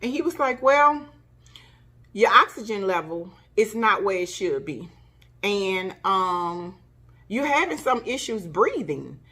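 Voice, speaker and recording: A woman's voice: medium pitch, slow pace. Woman vlogger retelling a hospital visit. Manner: animated retelling, acts out quoted dialogue. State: coughing. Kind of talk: casual storytelling.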